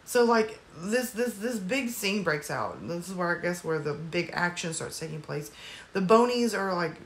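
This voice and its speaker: A woman's voice: on the low side, expressive, normal speed, a little hiss or hum. A woman casually recapping a movie's plot at home, rambling with lots of fillers and apologetic asides. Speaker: movie reviewer.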